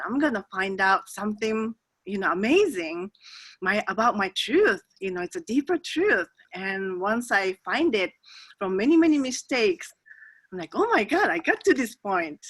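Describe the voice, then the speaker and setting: A woman speaking as an interview guest, soft and hesitant, with many pauses and fillers. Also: mid-range voice, animated, dry recording. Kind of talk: reflective spiritual interview.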